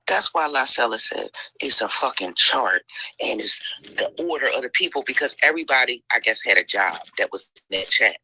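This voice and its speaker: A woman's voice: a bass voice, expressive, fairly quick, vocal fry, pushed and bright, slight background noise, low-quality recording. A woman hosting a livestream, talking in heated commentary with lots of swearing, sighs and "mm-mm"s. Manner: profane, exclaiming, lots of sighs and mm-mm.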